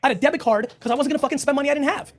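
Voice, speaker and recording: Fast, blunt, swearing man. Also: extremely high pitch. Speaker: podcast host answering audience questions. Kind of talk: live Q&A talk.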